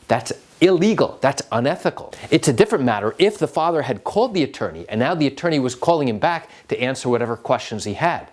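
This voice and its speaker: A man's voice: fairly high pitch, expressive, a little fast, a little mellow. A man who is an attorney, explaining a legal topic straight to the camera in an emphatic way, full of rhetorical questions. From New York.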